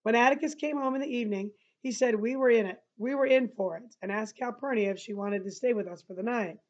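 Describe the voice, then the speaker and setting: Woman teacher reading a novel aloud and stopping to explain; fairly high voice, muffled recording. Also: fast talker. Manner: breaks off the reading to explain to listeners. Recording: dull lo-fi recording.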